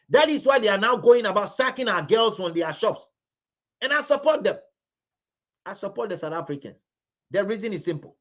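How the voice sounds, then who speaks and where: High-voiced Ghanaian man scolding on a livestream. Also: highs cut off. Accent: Ghanaian English. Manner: forceful, scolding, repeats phrases for emphasis. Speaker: livestream commentator. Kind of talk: impassioned live commentary.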